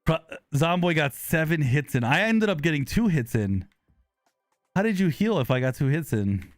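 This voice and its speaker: Excitable man live-streaming a game. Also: fairly high pitch, moderate pace, no echo, clean studio sound, soft background music. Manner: excitable, loud exclamations and apologetic laughs. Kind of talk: live gaming stream chat. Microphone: close desk microphone.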